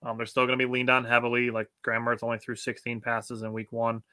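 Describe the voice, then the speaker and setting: A man's voice: mid-range voice, monotone, quick pace, bright, forceful tone, clear, resonant tone, dry recording, clean studio sound. A man with an American accent co-hosting a sports podcast, chatting casually, reading out listener comments and laughing often. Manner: laughs often, reads chat comments aloud. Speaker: podcast co-host.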